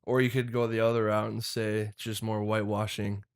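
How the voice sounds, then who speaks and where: A man's voice: fairly low pitch, level tone, fairly quick, clear, resonant tone. A young man hosting a casual movie podcast, rambling and swearing freely as he talks. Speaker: podcast host.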